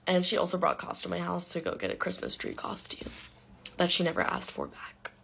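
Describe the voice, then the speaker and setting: A woman's voice: on the low side, wildly swooping pitch, brisk, vocal fry, fairly bright tone, slight background noise. A young woman telling a school story in a casual, chatty way, blunt and full of swearing and filler words.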